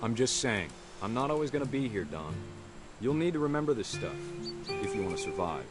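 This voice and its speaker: A man's voice: mid-range voice, big pitch swings, a little fast, lightly acted. An actor playing a stern, earnest middle-aged father on a hunting trip who lectures his daughter. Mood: serious. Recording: loud music behind.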